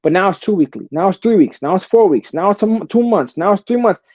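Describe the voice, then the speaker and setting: Blunt, profane male guest, swears freely, mellow tone, dry close sound. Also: sits high, animated, fast, dry recording, lo-fi sound. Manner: blunt and profane, calls the host brother. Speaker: podcast guest. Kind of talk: casual storytelling.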